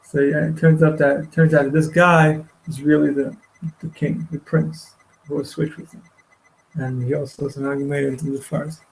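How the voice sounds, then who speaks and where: Gravelly man retelling a story haltingly. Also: on the high side, little pitch movement, low-quality recording. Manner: halting, repeats words, many restarts. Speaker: teacher. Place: study hall.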